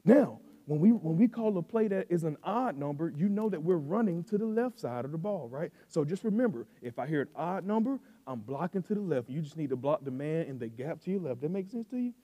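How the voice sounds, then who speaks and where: A man preaching a sermon, telling a coaching story in a relaxed, slangy way that swells into loud shouting. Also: fairly high pitch, a little fast, few pauses, no echo, big-room sound. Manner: coaching, conversational, with southern-style slang. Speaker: pastor.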